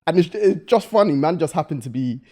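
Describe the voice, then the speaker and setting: Man, podcast co-host, slightly high and very lively pitch, slangy storyteller. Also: fairly quick. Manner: animated storytelling with London slang. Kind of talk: casual chat.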